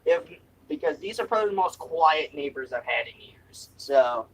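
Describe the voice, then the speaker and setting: A man's voice: fairly high pitch, lively intonation, normal speed, slightly rough. Giggly, swearing young guy, far from mic. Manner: swears casually, jokey and giggly. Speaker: food review vlogger. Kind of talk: casual taste-test vlog. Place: room at home with window open.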